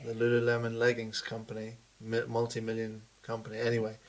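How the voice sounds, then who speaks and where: A man's voice: medium pitch, completely flat delivery, brisk, a crowd in the background. A man co-hosting a podcast, trading teasing comebacks in casual joking banter. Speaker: podcast co-host.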